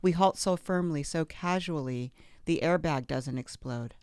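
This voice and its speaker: Woman, podcast host, memoir reading, measured, expressive, resonant voice, dry close mic. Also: low voice, clear, resonant tone, no echo.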